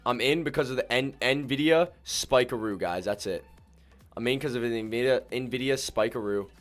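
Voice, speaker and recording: A man hosts a live day-trading stream, his voice at a middling pitch. He talks in loose slang, keeps calling out to his viewers, and veers from low calm muttering to sudden loud whoops. Faint music plays softly behind him. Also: normal speed. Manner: slangy, keeps addressing viewers as ladies and gentlemen.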